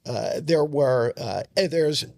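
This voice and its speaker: Animated man with a higher voice. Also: takes it slowly, creaky. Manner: animated, many "uh" fillers, bursts of speed. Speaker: podcast guest. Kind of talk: casual podcast conversation.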